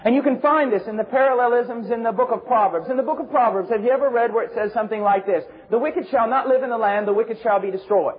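Fervent preacher man, high voice. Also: quick pace, few pauses. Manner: fervent, swings from shouting to low intense tones. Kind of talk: sermon. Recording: dull lo-fi recording.

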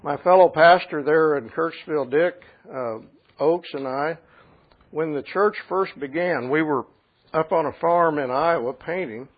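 A man preaching a sermon as a pastor, shifting between quiet storytelling and loud, emphatic passages. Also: fairly high pitch, unhurried. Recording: tinny phone-like sound.

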